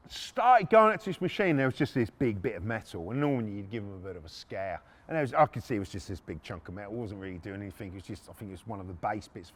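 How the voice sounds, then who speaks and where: Middle-aged man, casual sweary storytelling, podcast host, mid-pitched voice. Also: expressive, quick pace. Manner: blunt and sweary, with restarts.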